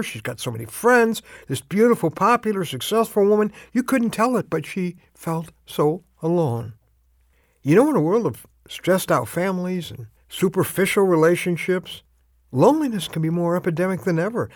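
A man giving a short radio devotional talk, earnest and intimate, slowing down for emphasis. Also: fairly high pitch, dry recording, clean studio sound. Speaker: radio preacher.

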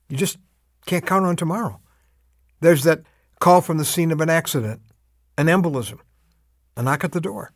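A heartfelt man delivers a devotional message in a slightly high voice, speaking close to the mic in a dry, deadened space. His storytelling is earnest and emphatic, and he draws out his key phrases. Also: no echo. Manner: slows down to stress urgent calls to action. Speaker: radio devotional host.

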